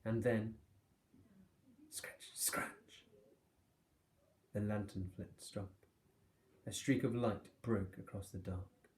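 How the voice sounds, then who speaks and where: Male teacher reading a story aloud. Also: fairly low pitch. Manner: steady, expressive storytelling. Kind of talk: reading a children's novel aloud. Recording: echoey room.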